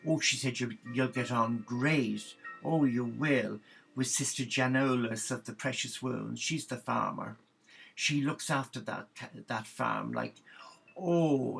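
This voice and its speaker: A man's voice: medium pitch, creaky, a bit bright, slightly rough, full character voice. A man doing a gossipy Irish housekeeper nun. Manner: chatty, breathless gossip with gasps and exclamations. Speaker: comic storyteller. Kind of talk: comic monologue in character.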